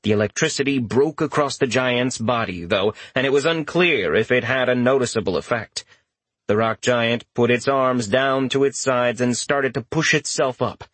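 A man reading a fantasy novel aloud as an audiobook narrator, in a steady, measured storytelling manner. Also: mid-range voice, no echo.

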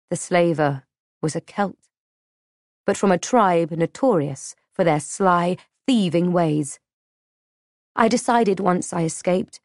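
A woman reading a first-person historical novel in a measured, dramatic way. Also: on the low side, no echo, clean studio sound. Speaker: audiobook narrator. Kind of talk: scripted first-person narration.

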